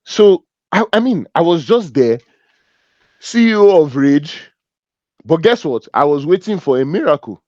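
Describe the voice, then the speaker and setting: Animated Nigerian man, joking business talk. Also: on the high side, a little slow, no echo, dull audio. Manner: animated and joking, laughs at his own stories. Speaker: business speaker. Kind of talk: humorous business talk to an audience.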